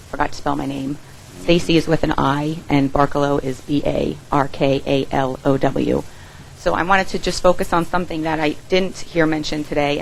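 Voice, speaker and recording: A woman's voice: deep voice, slight background noise, low-quality recording. A woman from a visitors bureau giving earnest testimony at a public hearing. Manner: earnest, slightly emotional. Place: hearing room.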